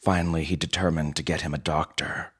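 This is audiobook story narration from a male narrator. His very deep, noticeably husky voice moves at a steady, measured pace.

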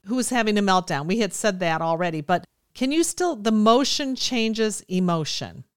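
A woman's voice: mid-range voice, animated, moderate pace, clear, resonant tone, no echo, studio quality. A woman hosting an interview, affirming the guest and asking follow-up questions. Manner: warm and affirming, praises the guest's tips. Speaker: interview host.

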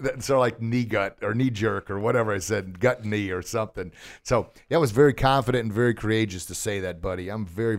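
Upbeat man coaching on a podcast. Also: lowish voice. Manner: upbeat, encouraging, quizzing and praising. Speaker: podcast host and martial arts instructor. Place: recording studio. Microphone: studio microphone.

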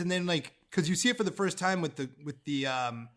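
A man's voice: a little high, brisk. A young man, a comedian guest, telling stories in casual chat, acting out quotes with lots of swearing and laughter. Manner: animated storytelling, acts out quotes, swears, laughs.

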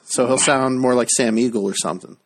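A man's voice: mid-range voice, steady tone, a little fast. Rambling man in casual chat. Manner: rambling, hesitant, swears casually. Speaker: podcast co-host.

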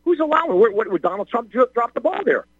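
Excitable older man calling in, stammering. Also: extremely high pitch, fast talker, no echo, dull audio. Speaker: caller. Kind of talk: ranting call-in talk.

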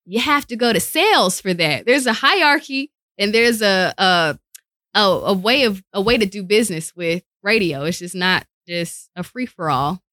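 A woman's voice: medium pitch, moderate pace, no room sound. A woman radio personality talking casually in an interview, telling stories animatedly and acting out the voices of people she quotes, recorded in a studio. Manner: animated storyteller who acts out quoted voices.

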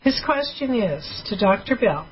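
A woman co-hosting a radio health show, reading listener emails aloud and briskly keeping the doctor on track. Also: mid-range voice, big pitch swings, slight background noise. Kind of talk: casual radio call-in hosting. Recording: dull lo-fi radio audio with faint music.

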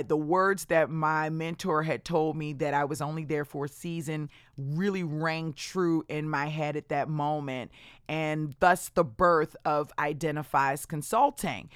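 A woman's voice: sits low, smooth, dry recording, clean studio sound. A woman podcast host telling her personal story in a candid, conversational way, often acting out what other people said.

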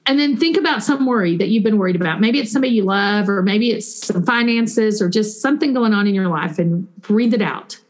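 A woman, a Christian counselor and author answering interview questions in an animated way. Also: medium pitch, fairly quick, few pauses. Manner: animated, warm storytelling with quoted voices; guides listeners through a breathing exercise.

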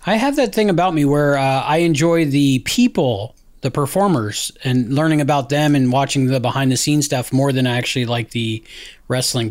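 A man's voice: medium pitch, no room sound. A man hosting a casual podcast chat, rambling along with lots of fillers and restarts. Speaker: podcast host.

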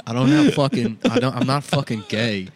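A man's voice: mid-range voice, huge pitch swings, fairly quick. A man playing a brash, defensive Texan cowboy.

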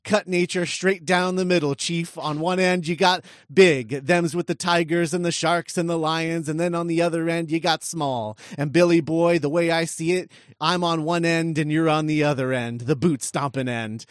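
A man plays a tough, boastful woman who speaks in a slow folksy drawl. The voice is a little higher and louder than his usual one, and full of swagger. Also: fairly even intonation, clean tone, dry recording, clean studio sound, natural voice.

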